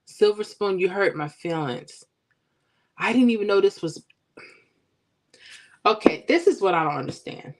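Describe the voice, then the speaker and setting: A woman hosting a casual livestream, chatting with viewers and teasing them in a playful, animated way. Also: medium pitch, unhurried, long pauses. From Florida. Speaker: livestream host. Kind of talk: casual chat with live viewers.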